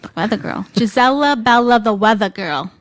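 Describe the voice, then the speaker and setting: A woman chats as a radio guest, her voice sitting a little high. She tells cheeky, bawdy stories and laughs often. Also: moderate pace, dry recording. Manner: bawdy, laughing, animated storyteller. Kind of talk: casual chat.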